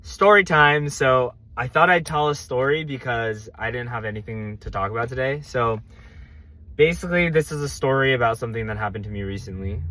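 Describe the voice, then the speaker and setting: A young man vlogging to camera, telling a casual story with quick asides and acted-out quotes. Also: medium pitch, sharp tone.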